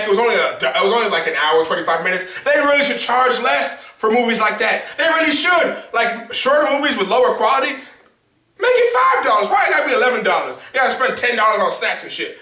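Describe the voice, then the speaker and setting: A young man reviewing a movie in a loud, profane, animated rant, often shouting his reactions. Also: high voice, far from the mic. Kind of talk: casual ranting movie review. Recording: echoey room, off mic.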